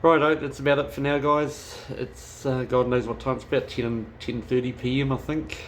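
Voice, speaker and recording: A man's voice: mid-range voice, level tone, normal speed, a little hiss or hum. A man chatting casually as a travel vlogger, rambling and swearing freely. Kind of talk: casual chat.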